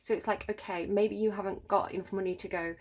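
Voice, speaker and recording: A woman's voice: mid-range voice, fairly even intonation, quick pace, a little hiss or hum. A woman reading tarot cards to camera at home, musing and thinking aloud with many fillers. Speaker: tarot reader. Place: home room near a road.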